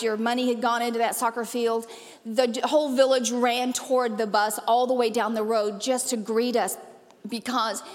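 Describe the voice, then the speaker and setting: A woman pastor giving a sermon, animated, playful and emphatic, with sudden jumps in pitch and loudness. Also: long reverb tail. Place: church auditorium.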